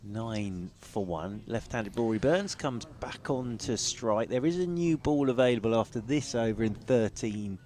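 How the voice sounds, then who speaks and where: A man giving brisk, good-humoured ball-by-ball cricket commentary on radio. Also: medium pitch, lively intonation, darkish tone, a little hiss or hum.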